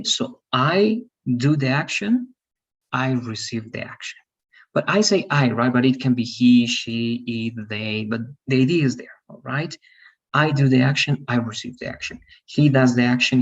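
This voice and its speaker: Patient husky teacher. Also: male voice, mid-range voice, normal speed, highs cut off. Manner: patient, repetitive explaining with frequent "all right?" checks. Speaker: English teacher. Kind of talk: online English grammar lesson.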